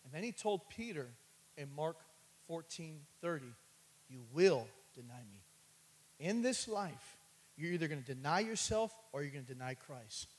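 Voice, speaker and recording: A man preaching a sermon, calling out "amen" and "catch this" as he builds from quiet asides to loud, high passages. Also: lively intonation, moderate pace, low-quality recording. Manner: calls for response with "amen" and "catch this".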